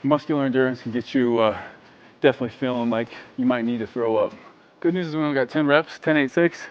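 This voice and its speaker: A man's voice: mid-range voice, fast talker, clear, resonant tone, muffled recording. A man filming a casual workout vlog in a gym, joking around and pushing the viewer between sets, sometimes out of breath. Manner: joking, hypes the viewer while training. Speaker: fitness vlogger.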